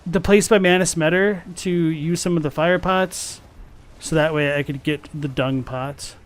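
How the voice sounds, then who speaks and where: A man's voice: on the high side, a little slow. A man streaming a game, chatting casually about its lore and thinking aloud as he plays. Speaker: gaming streamer. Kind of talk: casual gameplay commentary with lore talk.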